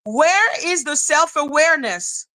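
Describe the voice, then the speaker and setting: A woman's voice: sits high, animated, measured pace, pushed and bright, rough recording. Scornful, foul-mouthed woman ranting. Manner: profane, sarcastic, scornful. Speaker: commentary channel host. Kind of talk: livestream rant.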